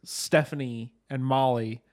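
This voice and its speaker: A man in his thirties, a podcast guest, chatting in a relaxed, agreeable way. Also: mid-range voice, measured pace. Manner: relaxed, agreeable, many "yeah"s. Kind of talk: casual chat.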